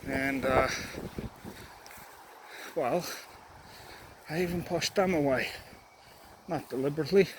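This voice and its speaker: A young man talking candidly and reflectively while walking, out of breath, with frequent pauses and restarts. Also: a little high, rough recording. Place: outdoors walking up a hill. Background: loud outdoor noise.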